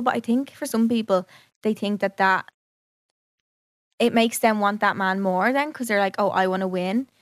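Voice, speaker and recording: A woman's voice: mid-range voice, normal speed, dry recording, clean studio sound. A young woman, chatting casually as she tells a personal story and acts out both sides of each conversation. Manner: chatty, heavy use of "like", quotes herself and others. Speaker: vlogger.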